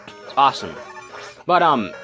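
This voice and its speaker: A man's voice: mid-range voice, sing-song, unhurried, music in the background. A young man giving casual gameplay commentary, rambling with many ums and restarts, his voice scratchy from just waking up. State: just woke up, scratchy morning voice. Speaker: let's play host.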